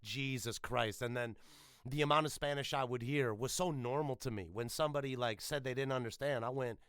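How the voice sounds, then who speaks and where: This is a man hosting a casual podcast interview, talking in an animated, profane, joke-filled way. His voice is bright and forceful, and it sits dry and close to the mic. He stumbles through restarts as he rushes ahead. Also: medium pitch, smooth, no echo. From United States. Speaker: podcast host.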